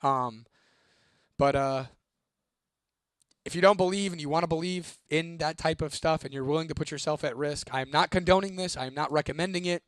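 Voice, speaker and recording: A young man tells his viewers a spooky story, swearing freely and keeping it lively. His voice sits a little high for a man, and the sound is dry and close with no room echo. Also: fairly quick. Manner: profane, animated, reads a viewer comment aloud. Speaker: host.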